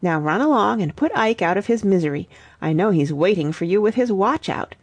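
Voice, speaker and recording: Sally, a playful teasing young woman, as a woman reads her, a bit gravelly, dry sound. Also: medium pitch, animated, fairly quick, no echo. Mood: mocking. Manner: mocking, lightly theatrical.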